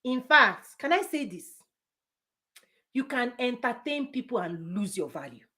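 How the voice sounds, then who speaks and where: A woman business coach giving a forceful motivational talk, repeating punchy phrases and laughing often. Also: fairly high pitch, sing-song, measured pace.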